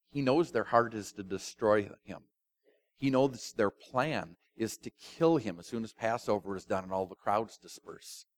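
Here a pastor gives his sermon in a mid-range voice, keeping it chatty and animated while dropping in asides and pausing for dramatic effect.

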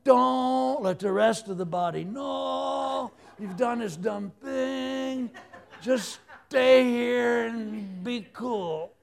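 A man voicing his own hand as a fussy, scolding body part, speaking slowly in a raised, drawn-out voice. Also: creaky, heavily acted. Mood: fretful scolding. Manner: slow, drawn-out, high.

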